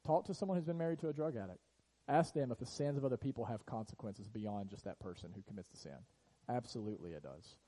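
A man preaching in an earnest sermon style, his voice dark and mellow. He often sinks to a quiet hush to press a point, then lifts again. He is speaking in a church sanctuary. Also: medium pitch, quick pace, rough recording. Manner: earnest preaching, drops to a hush on key lines. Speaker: pastor.

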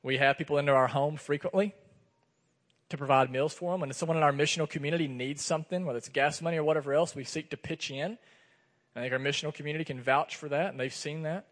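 Preaching at a quick pace in a slightly high voice, a man animatedly recounts a personal story from the pulpit and acts out the conversations. He's a pastor in a church sanctuary, captured with long hall reverb.

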